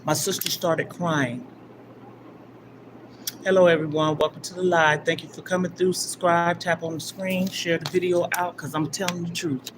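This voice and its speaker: An older woman hosting a live stream, telling a personal story in a rambling, emphatic way, from loud bursts down to near-whispers. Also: lowish voice, fairly even intonation, normal speed. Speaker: livestream host. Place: gym. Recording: livestream with clear background noise.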